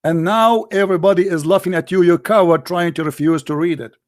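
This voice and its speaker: High-pitched combative man, hoarse. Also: brisk, a little mellow, no echo, studio quality. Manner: combative, interrupting, insulting caller. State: voice getting hoarse. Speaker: debate show host. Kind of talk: heated live call-in debate.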